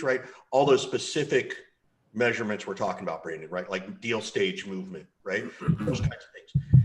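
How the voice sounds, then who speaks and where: A man's voice: fairly low pitch, moderate pace. Emphatic man on a sales panel. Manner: emphatic, acts out coaching dialogues. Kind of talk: panel discussion on video call. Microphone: video call.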